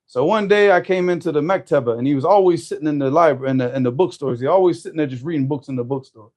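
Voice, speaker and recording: Animated man telling a story. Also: a little high, fast talker. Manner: animated, with frequent restarts. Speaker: storyteller guest. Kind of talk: casual storytelling conversation.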